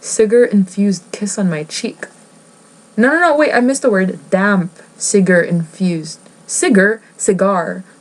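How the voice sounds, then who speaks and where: A woman's voice: medium pitch, lively intonation, measured pace, darkish tone, rough recording. A woman vlogger chatting casually as she reads a book aloud, rambling, giggling and cutting herself off. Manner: rambling, giggly, self-interrupting. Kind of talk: casual chat while reading a book aloud.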